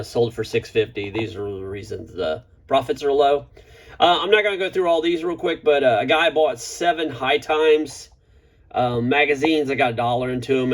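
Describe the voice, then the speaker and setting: Guy rambling on his home vlog, lots of ums and uhs, average pitch. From Florida. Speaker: eBay reseller vlogger. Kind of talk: casual vlog talk. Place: home room with a neon sign.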